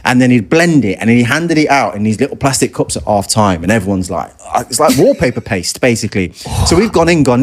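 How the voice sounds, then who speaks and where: A man, a former footballer turned pundit, telling a funny story in relaxed, conversational podcast talk, laughing and full of fillers. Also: mid-range voice, fast talker, few pauses. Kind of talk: casual anecdote on a podcast.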